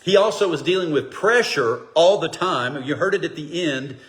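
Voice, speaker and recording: A man's voice: a little high, normal speed. A man teaching a Bible study, speaking conversationally and telling stories, acting out voices. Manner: conversational, animated storytelling with acted quotes. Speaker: pastor. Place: church, streamed online.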